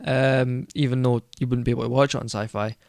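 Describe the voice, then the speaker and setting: A man's voice: mid-range voice, flat delivery, brisk, creaky, darkish tone, no echo, clean studio sound. A man co-hosting a casual podcast chat, rambling and correcting himself as he goes. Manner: rambling, self-correcting, enthusiastic. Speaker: podcast co-host.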